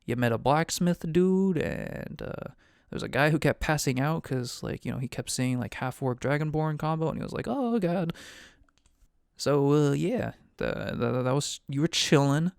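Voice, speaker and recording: Male game master, gravelly yet resonant, dry close sound, loose rambling recap. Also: fairly high pitch, moderate pace, dry recording. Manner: rambling, loose and profane, heavy on "like". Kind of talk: casual recap of a tabletop game.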